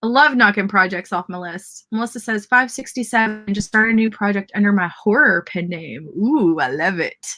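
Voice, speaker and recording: Speaking at a moderate pace with few pauses, this Southern-accented livestream host has a mid-range voice that sounds pushed and bright. She chats through a casual writing sprint, cheering viewers' word counts and comments.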